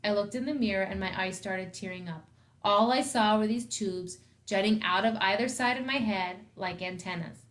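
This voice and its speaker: A woman, a school principal, reading a children's novel aloud with expressive first-person storytelling. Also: mid-range voice, moderate pace.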